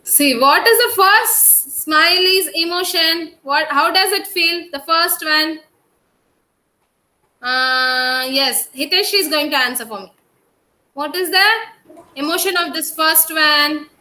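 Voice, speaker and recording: A woman's voice: very high voice, unhurried, sharp tone, low-quality recording. A woman with an Indian English accent teaching a kindergarten class over a video call, coaxing and drawing out words for young children.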